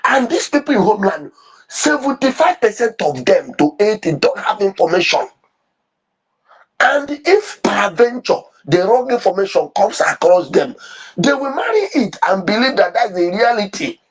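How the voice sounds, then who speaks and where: A Nigerian online commentator with a high, husky voice speaks at normal speed, his pitch swinging widely. His commentary is impassioned and fervent, full of repetition and stumbling restarts of his sentences.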